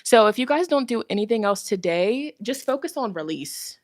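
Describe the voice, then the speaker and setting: A woman's voice: a little high, normal speed, no room sound, studio quality. Chatty young woman hosting a live stream. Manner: chatty and animated, laughs often, reads out the chat. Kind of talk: casual live stream chat.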